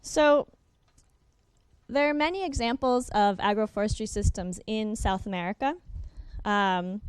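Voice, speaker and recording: A young adult woman giving a workshop presentation over slides, talking quickly with frequent ums and uhs and correcting herself as she goes. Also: medium pitch, clean tone, no echo.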